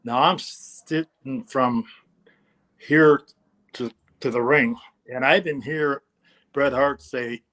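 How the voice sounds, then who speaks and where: An older man as an interview guest, telling a story in a relaxed, anecdotal way, acting out quotes and swearing now and then. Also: medium pitch, slow, pauses often.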